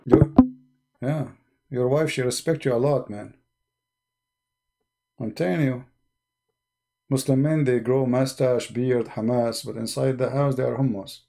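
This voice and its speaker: A man's voice: medium pitch, steady tone, a little slow, gravelly, pauses often, warm tone, faint music behind. A man hosting a live call-in debate show, talking in a blunt, mocking way with loose grammar.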